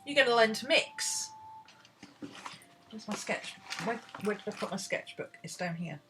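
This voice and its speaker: A British art teacher gives a casual, rambling painting tutorial, chatting and talking to herself as she searches for things while working. Her medium-pitched voice is expressive at a normal speed, and the recording is very noisy.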